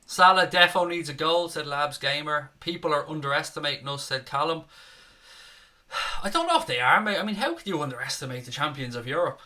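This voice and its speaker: Sitting at his desk in a home room with a webcam rig, a young fan-channel co-host from Dublin runs a live match watchalong. His Irish-accented voice is on the high side, animated, a little fast, pushed and bright as he reads out comments and curses freely.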